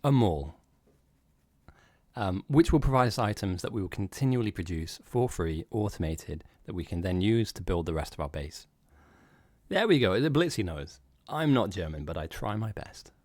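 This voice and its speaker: A man with a fairly low voice talks through a strategy game, explaining plans and chatting loosely. He often laughs with his co-host. His voice sits dry and close to the mic. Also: expressive, moderate pace, darkish tone, no room sound. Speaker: game commentator. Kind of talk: casual game commentary.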